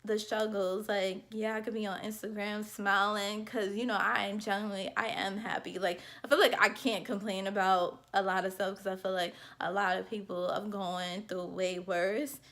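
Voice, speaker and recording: A woman's voice: mid-range voice, fairly even intonation, moderate pace, hardly any pauses, a bit bright. Earnest young woman vlogging heartfelt thoughts. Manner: earnest, heartfelt, rambling with many fillers. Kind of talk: candid personal vlog.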